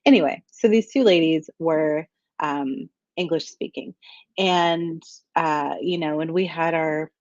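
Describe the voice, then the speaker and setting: A woman's voice: low voice, a little slow, darkish tone, no echo, dull audio. A woman, likely a coach for women entrepreneurs, telling a personal story in a casual rambling way with fillers, restarts and frequent little laughs.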